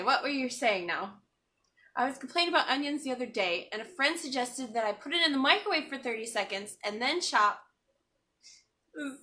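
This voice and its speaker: A woman with a slightly high, bright and forceful voice hosts a laid-back live cooking stream in her home kitchen, her eyes teary from onions. She jokes around, chats, and reads viewers' comments aloud. The recording comes from a distance, off-mic, in an echoey kitchen.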